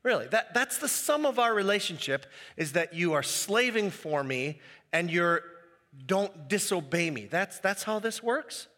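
A man preaching a sermon as pastor, animated and acting out the quoted voices. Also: sits high, a little slow, in a large hall.

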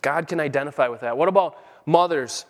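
A man's voice: fairly high pitch, fairly quick. A middle-aged man preaching a sermon with fervent, emphatic peaks. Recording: long hall reverb.

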